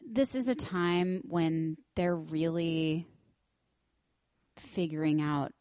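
Animated storytelling mom, dry sound. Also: female voice, deep voice, slow pace, no room sound. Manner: animated storyteller, acts out quotes, swears. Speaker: podcast co-host. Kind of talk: casual chat.

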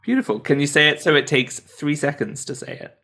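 A man's voice: fairly high pitch, very animated, brisk, bright, forceful tone. A man working as an accent coach, patiently explaining sounds step by step in casual talk. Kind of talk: casual teaching chat.

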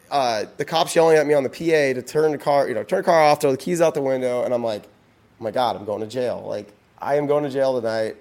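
A man's voice: fairly high pitch, a little mellow. A man, a podcast guest, tells a long story casually, full of restarts and "you know"s.

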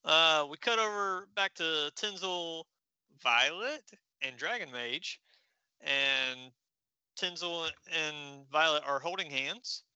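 A man co-hosting a podcast, recapping a comic with lively storytelling. His voice is very bright and sits a little high. The sound is close and dry. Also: slow pace, clear, resonant tone, dry recording, poor audio. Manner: animated retelling. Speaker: podcast co-host.

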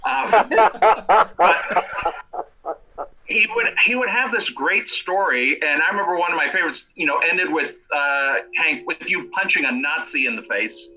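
Bright-voiced man chatting as co-host. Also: fairly high pitch, low-quality recording. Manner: halting, full of restarts and fillers. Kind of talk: casual chat.

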